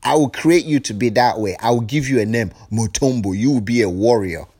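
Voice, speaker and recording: A man voicing God as a calm, commanding deity who speaks in steady, measured pronouncements. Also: mid-range voice, husky, voice pushed down, natural voice. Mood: solemn.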